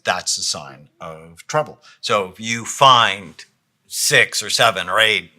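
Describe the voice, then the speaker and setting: Deep-voiced man, calm and explanatory. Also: takes it slowly. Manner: calm, explanatory, often drops to a soft low voice. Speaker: podcast co-host, psychiatrist. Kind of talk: casual podcast conversation.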